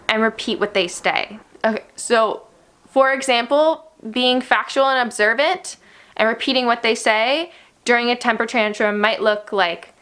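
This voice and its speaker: A young adult woman, an early childhood educator, gently giving parents advice on helping young children through stress. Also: on the high side. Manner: gentle, instructive, uses "therefore" often.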